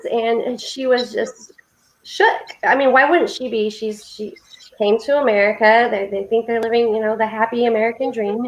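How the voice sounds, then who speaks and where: A woman with a fairly high voice co-hosts a faith-based support livestream over a video call, sharing heartfelt stories in an earnest, preaching manner. The recording is rough.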